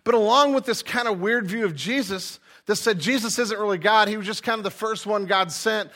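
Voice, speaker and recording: Bright-voiced man preaching casually. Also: high-pitched, brisk. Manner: casual, chatty preaching with frequent fillers. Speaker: pastor. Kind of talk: sermon.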